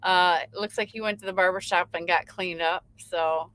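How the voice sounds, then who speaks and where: A woman from Michigan hosts a casual late-night trucker livestream from her truck. Her voice is bright and forward, and her talk stays easygoing as she reads viewer comments aloud, answers them, and laughs along. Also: on the low side, steady tone, moderate pace, rough recording. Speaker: livestream host. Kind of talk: casual chat reading live comments.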